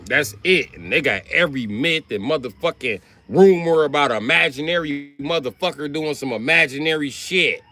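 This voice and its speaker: Animated, bright-voiced man ranting. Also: on the high side, moderate pace, hardly any pauses, slight background noise. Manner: loud, animated, swearing heavily. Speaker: livestreamer. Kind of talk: profane comic rant on a live stream.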